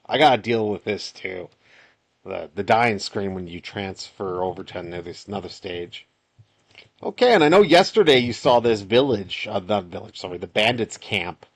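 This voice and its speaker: A man's voice: fairly low pitch, a bit bright, husky. A man, a solo game developer, chatting casually over gameplay in a rambling way, restarting his sentences and sighing often. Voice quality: rambling, with frequent restarts and sighs.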